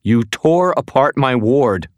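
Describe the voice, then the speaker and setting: A man's voice: medium pitch, animated, slow, a bit bright, no room sound, clean studio sound, voice pushed up. A man voicing a frightened, pleading woman. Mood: accusing. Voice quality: rough, thready whisper. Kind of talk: audiobook character voice.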